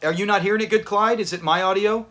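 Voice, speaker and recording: A man's voice: high voice, steady tone, quick pace, fairly bright tone. A man hosting a live watch party, chatting with his viewers and laughing often as he reacts to a sitcom episode. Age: adult with kids. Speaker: livestream host.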